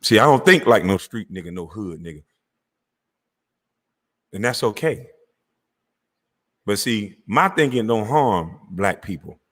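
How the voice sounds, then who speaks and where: A middle-aged man hosting his own channel, delivering an angry, profane rant to camera, mocking and confrontational, breaking into laughs and shouts. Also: on the low side, lively intonation, measured pace, long pauses. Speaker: channel host. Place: Georgia, USA.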